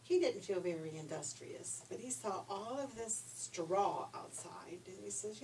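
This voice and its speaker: A woman's voice: on the high side, a little slow, a little mellow. Older woman telling a children's story. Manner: homey, chatty storytelling. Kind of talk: reading a children's story aloud. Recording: distant mic, faint hiss.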